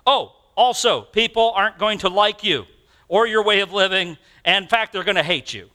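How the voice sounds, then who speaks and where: A male preacher voicing a calm, patient teacher reassuring his followers during a sermon. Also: high-pitched, moderate pace.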